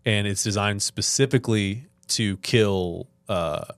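A man's voice: on the low side, unhurried, no room sound. Rambling man telling history jokes. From Massachusetts. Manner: rambling, filler-heavy history retelling. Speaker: comedian host. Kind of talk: casual comedic storytelling.

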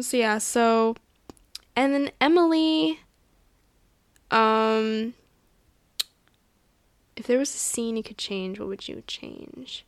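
A woman hosting a casual solo podcast, talking in an excitable, gushing, chatty way at a table indoors, with lots of laughs and fillers. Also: on the high side, measured pace, pauses often, dry recording. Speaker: podcast host.

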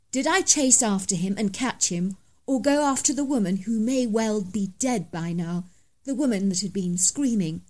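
A woman's voice: mid-range voice, a little mellow. A woman reading a first-person story aloud as scripted narration, in a dramatic, emphatic manner.

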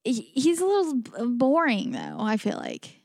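Chatty woman, high and close-miked. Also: wildly swooping pitch, normal speed, creaky, dry recording. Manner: chatty, acts out quotes with laughs. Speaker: podcast co-host. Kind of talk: casual chat.

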